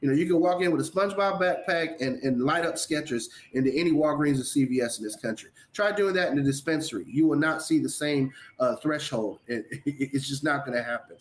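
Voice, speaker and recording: Earnest podcast host, higher man's voice. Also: a little fast, few pauses. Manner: earnest, repeats words when he stumbles. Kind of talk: casual podcast chat.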